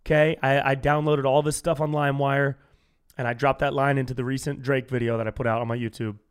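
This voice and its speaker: A man's voice: quick pace, clean tone. A young man from California hosting a solo comedy podcast, telling casual stories and acting out strangers he quotes. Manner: animated storytelling, acts out quoted strangers in higher voice.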